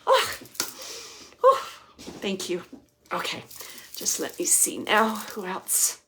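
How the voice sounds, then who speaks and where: A woman hosting a live spirit-reading chat as a medium, chatty, often laughing, relaying quoted messages in a lively way and dropping to soft murmurs as she searches. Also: mid-range voice, slow, slight background noise. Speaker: psychic medium host.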